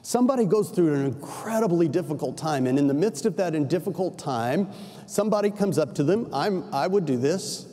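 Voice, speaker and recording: A man's voice: a little high, lively intonation, a little fast, warm tone. An older male pastor preaching a sermon in a conversational storytelling style, with chatty self-correcting asides. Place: large church sanctuary. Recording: reverberant church sanctuary.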